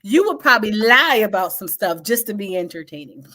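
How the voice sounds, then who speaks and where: A woman co-hosting a casual chat show, telling lively stories and laughing often. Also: mid-range voice, brisk. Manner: animated storytelling, laughing often. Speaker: co-host.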